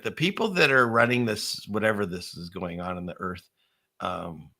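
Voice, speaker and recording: A middle-aged man rambles through a casual commentary with a gravelly, low voice. His tone is bright and edgy, and he talks in a conspiratorial, chuckling way. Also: expressive, moderate pace. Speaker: channel host.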